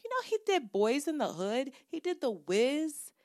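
Woman podcast co-host, casual storyteller, swearing freely, lively up-and-down delivery, dead-dry booth sound. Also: high-pitched, unhurried, no room sound. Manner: animated, profane, builds to heated.

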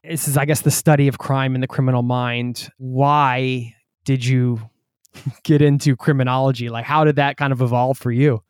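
A man's voice: medium pitch, level tone, normal speed, clean tone, no room sound, clean studio sound. Upbeat friendly male podcast host. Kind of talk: podcast intro and casual interview.

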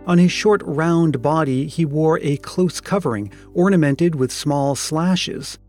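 A man reading a classic story aloud in a measured, expressive narration. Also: on the high side. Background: faint music.

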